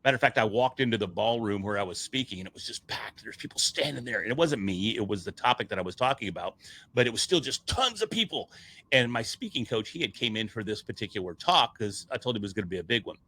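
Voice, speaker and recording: A man with a bright, forceful voice tells his story with energy, slipping into the voices of the people he quotes. He talks the way a seasoned stage speaker chats with a friend, loose and conversational. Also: on the low side, fast. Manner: animated, acts out quoted dialogue. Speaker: public speaker and podcast guest.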